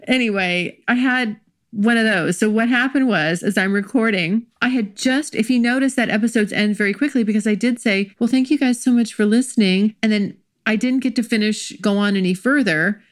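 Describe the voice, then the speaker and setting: A woman hosting her own podcast in casual solo chat, excitable and rambling, laughing often, recorded at a home microphone. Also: mid-range voice, moderate pace. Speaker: podcast host. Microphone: desk microphone.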